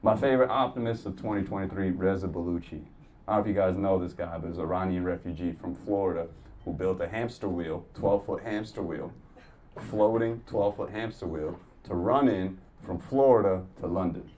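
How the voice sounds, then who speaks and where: A man performing a stand-up comedy set, telling stories in a profane, animated way and acting out the people in them. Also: deep voice, a little fast. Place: comedy club stage before a laughing crowd. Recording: distant mic, audible room noise.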